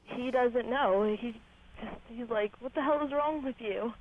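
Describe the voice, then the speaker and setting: A woman's voice: fairly high pitch, measured pace, slight background noise. A sixteen-year-old girl calling in to a radio show, speaking shyly with a few giggles. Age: teenager. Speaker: caller. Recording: tinny phone line.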